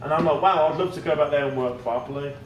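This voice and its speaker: An Englishman rambles through anecdotes, laughing often and swearing freely. His voice sits back from the mic in an echoey room, with clear noise underneath. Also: a little high, quick pace, far from the mic. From England. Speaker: guest, comic writer. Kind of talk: casual storytelling chat. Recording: roomy, off-mic, noisy podcast.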